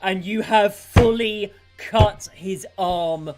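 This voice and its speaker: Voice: mid-range voice, slow. A game master narrating a tabletop fight in vivid, gory detail over faint background music.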